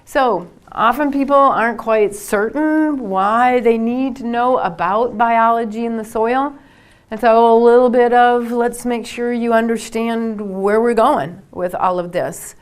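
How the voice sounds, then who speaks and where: A woman's voice: on the high side, steady tone, smooth. Older Minnesotan woman giving an emphatic lecture. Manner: emphatic, slows down to stress points. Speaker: soil scientist lecturer.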